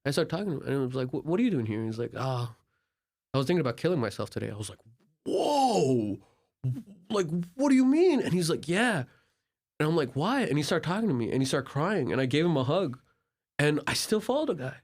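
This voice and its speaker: Talking fast in a fairly high voice, a young man from Turkey shares travel stories as a guest on a podcast. His storytelling is casual and animated, heavy on filler, with the dialogue acted out.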